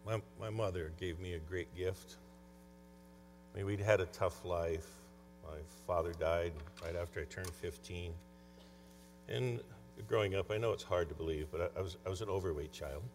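Motivational speaker, male, fairly low voice, storytelling delivery, long hall reverb with faint mains hum. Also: moderate pace. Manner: conversational storytelling. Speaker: conference speaker and coach. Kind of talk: motivational talk.

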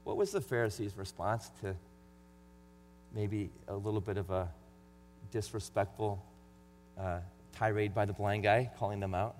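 A man's voice: fairly low pitch, steady tone, moderate pace, long pauses, a little mellow. A middle-aged man preaching a sermon in an earnest, conversational way. He reads scripture with extra emphasis. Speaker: pastor. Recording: long hall reverb with faint mains hum.

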